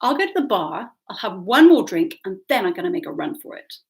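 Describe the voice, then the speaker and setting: A woman's voice: medium pitch, very animated, brisk. A woman reading aloud, voicing a shy, polite young woman who hesitates and stumbles over her words. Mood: flustered. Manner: hesitant, with ums. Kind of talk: audiobook character voice.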